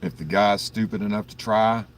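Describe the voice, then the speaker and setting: A very deep-voiced man chats through an early-morning livestream, rambling through stories with plenty of swearing and chuckles. He sits some distance from the mic, with faint vehicle noise in the background. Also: fairly even intonation, moderate pace. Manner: rambling, profane storytelling with frequent chuckles; greets viewers in chat by name. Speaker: livestream host.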